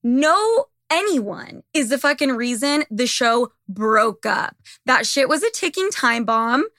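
Young woman podcast host, gossipy and cussing a lot, bright higher voice, dry close sound, bit hoarse. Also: big pitch swings, takes it slowly, no room sound. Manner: blunt, profane, gossipy. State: losing her voice. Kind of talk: casual monologue to listeners.

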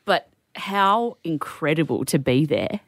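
A woman co-hosting a morning radio show, her pitch leaping around as she chats and giggles. The sound is close and dry, straight into a studio mic. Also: slow pace, no echo. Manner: chatty, laughs a lot, animated. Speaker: radio co-host. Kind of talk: breakfast radio banter.

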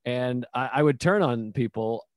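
A man's voice: medium pitch, measured pace, no echo. A man speaks frankly and animatedly, swearing freely as he chats. His voice sits in a middle register, and the sound is dry and close with no room to it. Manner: candid, profane, animated. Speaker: comedian. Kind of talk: casual chat.

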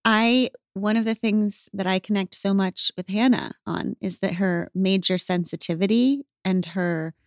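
Woman, podcast host, animated, emphatic, close dry sound. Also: mid-range voice, unhurried, hardly any pauses, no room sound. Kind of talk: casual podcast chat.

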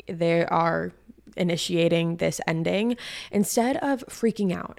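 A woman's voice: on the low side, a little slow, gravelly, a little mellow. A young woman hosting a podcast, telling stories in a chatty, slangy way. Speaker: podcast host. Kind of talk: casual chat monologue.

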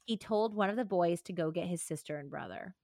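A young woman hosts a true crime podcast, reading excerpts from a book and then chatting casually, often using "like" as filler. Her voice is lowish and darkish, fairly quick, and recorded with no echo.

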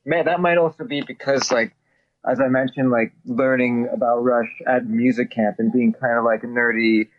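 A man's voice: mid-range voice, fairly even intonation, normal speed. A man, a musician, chatting casually and joking, full of filler words. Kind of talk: casual chat. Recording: muffled lo-fi audio with faint noise.

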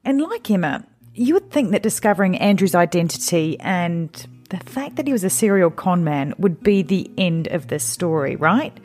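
A woman's voice: on the low side, very animated, normal speed, a little mellow, faint music behind. A woman hosting a documentary podcast, narrating a scripted story in a conversational, guiding way.

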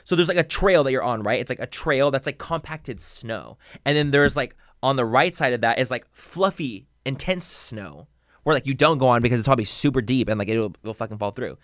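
A young man co-hosting a podcast tells a story in casual chat, rambling with plenty of fillers and swearing. His mid-range voice is lively, a little fast, and a bit bright, recorded dry in studio quality.

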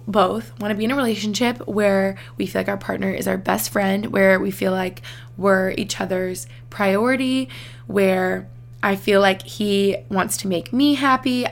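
A young woman talks straight to her viewers about her relationship. Her slightly high voice has a gravelly fry at the ends of phrases. She sounds moved and close to tears, and she peppers her speech with "like.". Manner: emotional, on the verge of tears, frequent "like" fillers. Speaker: vlogger. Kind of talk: personal vlog talk.

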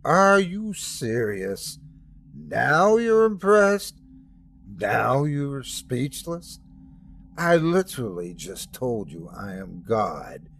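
A man's voice: medium pitch, exaggerated voice. A man voicing a jealous, domineering male God who rants and mocks. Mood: scornful. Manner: scornful, mocking rants.

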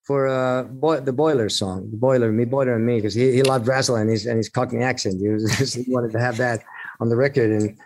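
A man's voice: mid-range voice, steady tone, a little fast, darkish tone, slight background noise, poor audio. A middle-aged man from Finland, a rock singer being interviewed, telling rambling anecdotes with laughs and restarts. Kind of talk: casual storytelling interview.

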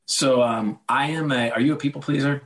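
Male interview guest, mid-pitched, candid and self-deprecating, acts out quoted dialogue in his anecdotes. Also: steady tone, brisk, low-quality recording. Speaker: guest, author and former sports executive. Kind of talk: conversational podcast interview.

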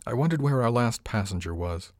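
A man reading a first-person novel as an audiobook, measured and even. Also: mid-range voice, no echo, studio quality. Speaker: audiobook narrator.

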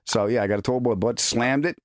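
A man hosting a podcast, telling stories in a self-mocking, animated way. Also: mid-range voice, a little fast, no echo, studio quality. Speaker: podcast host. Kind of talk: casual storytelling chat.

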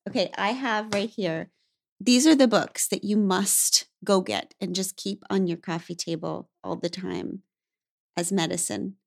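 A woman hosting a podcast interview, affirming her guest with soft murmurs and effusive praise. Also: medium pitch, a little slow, creaky, no room sound, studio quality. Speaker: podcast host. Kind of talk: conversational interview.

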